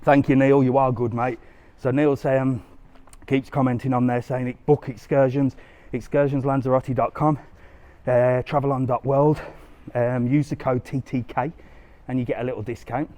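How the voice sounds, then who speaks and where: Outdoors on a busy resort street, a travel vlogger gives live walking-tour commentary in a mid-range, warm voice at a moderate pace. His delivery is flat but chatty and casual as he talks to viewers, slightly out of breath from walking.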